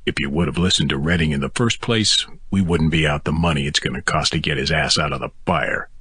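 A man voicing a stern older man in an audiobook, snapping and growling low. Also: fairly quick, bright, forceful tone, slightly rough, no echo, studio quality, heavily acted.

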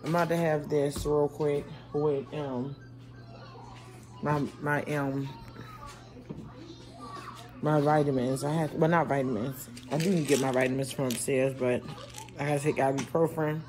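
A woman's voice: low voice, fairly even intonation, unhurried, pauses often, a little mellow. A woman in her forties chatting casually to her viewers at home and in the car. She rambles, talks straight to camera, and cannot open her mouth fully after tooth extractions. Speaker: vlogger and mother. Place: at home, later in a parked car.

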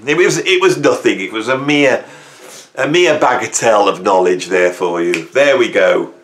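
Theatrical man, bright ringing voice. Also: on the low side, moderate pace, slight background noise. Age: middle-aged. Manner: theatrical, self-mocking, swings from hushed to loud. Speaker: music channel host. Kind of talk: casual mock-rant to camera. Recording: echoey room.

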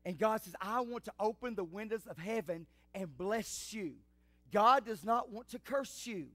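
A pastor preaching a sermon in church, building from quiet storytelling to fiery shouts. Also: male voice, sits high, expressive, normal speed, dry recording.

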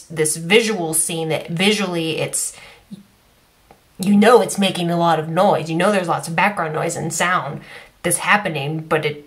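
A woman giving an excited, gushing live reaction to a music video, often cutting herself off. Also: on the low side. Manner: gushing, excitable, self-interrupting. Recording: faint music behind. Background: faint music.

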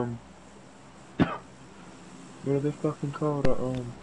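A man chatting casually with a teammate in a game, laid-back and halting. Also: medium pitch, little pitch movement, noisy background. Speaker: random teammate.

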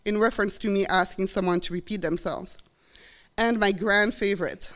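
A woman's voice: medium pitch, brisk. A woman in her forties from Belgium with a Belgian French accent, reflectively telling a personal story on stage. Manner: earnest, reflective, acts out quoted voices. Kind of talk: live storytelling performance. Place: college stage before an audience.

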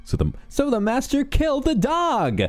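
A man streaming a horror game, talking casually, swearing freely and yelping at jump scares. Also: very high voice. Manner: excitable, swearing, yelps at scares. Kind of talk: casual gameplay commentary.

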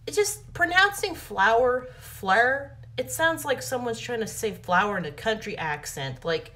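A young woman, a book vlogger, chatting casually in a rambling, expressive way. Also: fairly high pitch, moderate pace. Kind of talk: casual chat.

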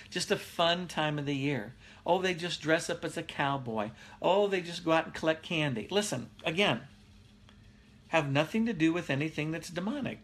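A middle-aged man preaches in a relaxed, chatty way, reading viewer comments aloud and laughing often. His voice sits a little high and rings bright and forceful. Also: breathy edge. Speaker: pastor. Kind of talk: casual live-streamed Bible teaching.

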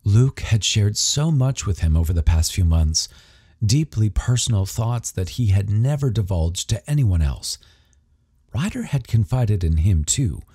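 A man narrating an audiobook in an expressive storytelling manner. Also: lowish voice, husky, no room sound, clean studio sound. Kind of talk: scripted narration.

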